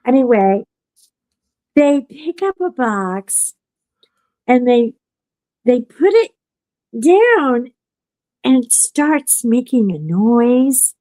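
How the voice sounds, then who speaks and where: A woman hosting a chatty podcast, telling a story slowly in a fairly high voice and acting out everyone's lines. The sound is close and dry, with no room around her. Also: dry recording, poor audio. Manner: animated storyteller who acts out quotes. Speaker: podcast host. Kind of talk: casual chat, storytelling.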